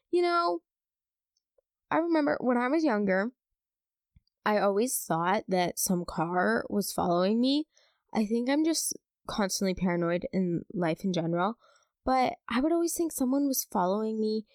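A young woman hosts a casual storytime podcast, reading out listener stories and reacting to them. Her voice carries a noticeable gravelly fry, and she leans hard on the gross or scary details for effect. The sound is close and dry, with no room around it. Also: a little high, normal speed, no room sound. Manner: chatty and expressive, dramatic emphasis on gross details. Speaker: podcast host.

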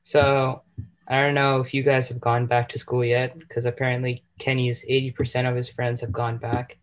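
A man's voice: mid-range voice, completely flat delivery, normal speed. A teenage boy hosting a casual chat, teasing his friends and laughing often. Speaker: podcast host.

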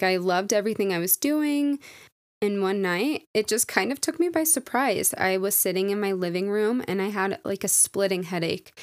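A young woman in her twenties talks through a personal story on her own podcast, candid and reflective, her sentences loose and full of "like." Her voice sits at an everyday middle pitch. The recording is close and dry, with no room sound. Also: dry recording. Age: 20s. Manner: candid, reflective, filler-heavy with lots of "like". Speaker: podcast host. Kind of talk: casual solo podcast storytelling.

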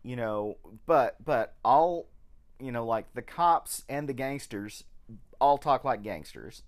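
A man co-hosting a podcast, chatting casually about an old film in a hesitant way, with many pauses and restarts. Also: mid-range voice, lively intonation. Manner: slow, hesitant, full of ums and restarts. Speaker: podcast co-host.

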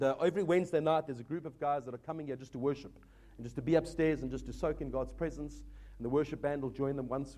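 A man's voice: medium pitch, warm tone. A man preaching a sermon as pastor, earnest and exhorting, often addressing the congregation as folks.

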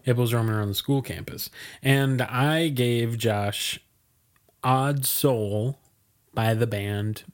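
A man's voice: mid-range voice, takes it slowly. Casual podcast co-host, man, 30s, mid-range voice, loose and rambling, video call. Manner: laid-back, rambling with fillers and laughs. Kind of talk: casual podcast chat about music.

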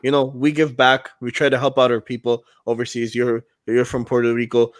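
A man's voice: mid-range voice, flat delivery, brisk, no echo. A man of Pakistani background, a podcast host and volunteer imam, earnestly retelling points from his sermon in casual conversation.

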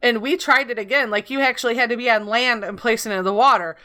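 Bright-voiced woman telling gaming stories. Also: on the high side, quick pace. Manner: animated storytelling with laughter. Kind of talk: casual gaming chat.

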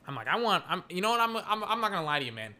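A young man from Texas rambling casually, full of filler words, breaking into excited play-by-play as he watches football. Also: high voice, very fast. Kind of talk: casual rambling chat while calling a football game.

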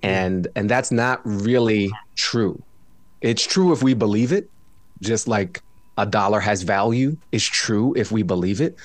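A man's voice: fairly low pitch, unhurried, no echo. A tired man, a podcast guest, talking casually from home with reflective asides and frequent laughs. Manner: reflective, jokey, laughs often. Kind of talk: casual conversation. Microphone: studio microphone.

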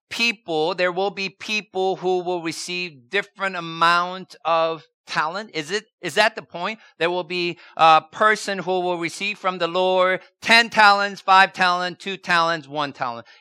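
A man's voice: high-pitched, sharp tone, clear, resonant tone, no room sound, studio quality. A man preaching a sermon as a pastor, asking rhetorical questions and repeating key words for emphasis.

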